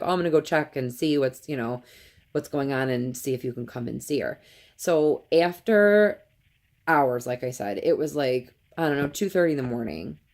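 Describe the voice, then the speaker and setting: A woman's voice: extremely low pitch, darkish tone. A mother in her thirties tells a personal story to camera in an earnest, emotional way and acts out the quotes. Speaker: vlogger, mother.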